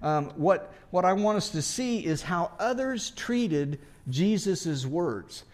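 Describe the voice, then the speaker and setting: A man's voice: high voice, animated, slow pace. Man preaching a conversational sermon. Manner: conversational preaching with rhetorical questions. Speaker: pastor.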